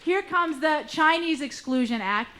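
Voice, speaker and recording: High-voiced woman, wry and halting. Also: animated, bright, forceful tone. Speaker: playwright in a rehearsal scene. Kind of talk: theatrical dialogue.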